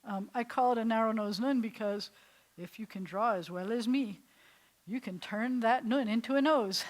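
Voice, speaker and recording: A woman's voice: on the high side, normal speed. Woman, rabbi, classroom teaching, chatty, asks questions. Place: classroom with a small group seated.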